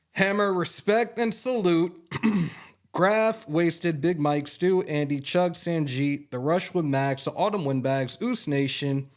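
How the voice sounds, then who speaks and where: A man hosting a fan sports show on a live stream, chatting loosely with swearing and then reading a news rundown. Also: fairly high pitch. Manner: loose and profane, openly moved by a fan's gift. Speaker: sports podcast host.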